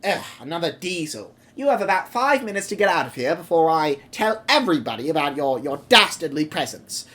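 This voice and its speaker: A man's voice: a little high, big pitch swings, brisk, hardly any pauses, bright, forceful tone. A man playing a haughty steam engine. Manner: haughty, dismissive.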